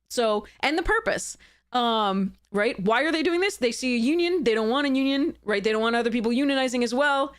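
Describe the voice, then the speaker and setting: In a high-pitched voice, a woman streamer reads out a letter and critiques it piece by piece, her casual commentary heated, sarcastic and sometimes profane.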